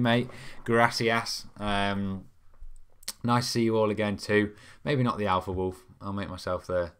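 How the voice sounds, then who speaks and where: A man's voice: fairly low pitch, a bit bright, clean tone. A young man, hosting a football fan live stream in a casual, rambling way, reading out viewer comments with lots of ums. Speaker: fan channel host.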